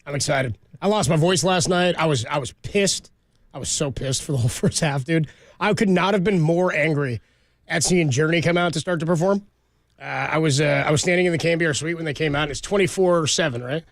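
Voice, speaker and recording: A man co-hosting sports talk radio, telling stories in an excited, rapid way. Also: fairly high pitch, creaky, dry recording, clean studio sound.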